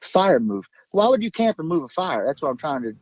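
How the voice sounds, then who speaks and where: A man's voice: a little high, sing-song, brisk, darkish tone, no room sound, dull audio. A man telling his story in a rambling, emphatic way, swearing and jumping between thoughts. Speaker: guest recounting an encounter.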